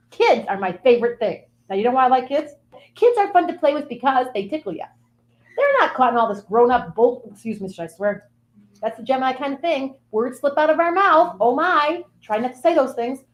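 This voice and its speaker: Lively, fast-talking playful woman guest. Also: high-pitched. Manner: chatty, playful, rambling with sing-song asides. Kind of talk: comic monologue in character of a sun sign.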